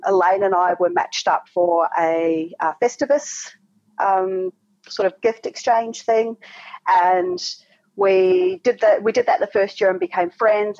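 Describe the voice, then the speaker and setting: A woman's voice: on the low side, dry recording. A woman telling a casual story as a fan group admin, rambling with many ums and restarts. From Australia. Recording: dry, dull lo-fi sound.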